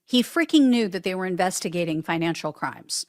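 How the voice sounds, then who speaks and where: A woman's voice: on the low side, animated, brisk, no room sound, studio quality. A woman hosting a solo political commentary show, reading news quotes aloud and answering them with sarcasm. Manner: sarcastic, reads quotes then mocks them.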